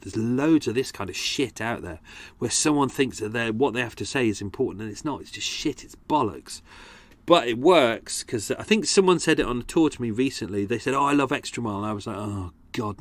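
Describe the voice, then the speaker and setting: A man's voice: mid-range voice, no echo. A man hosting a podcast, chatting casually in a rambling, sweary and self-mocking way. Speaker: podcast host. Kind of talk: casual chat.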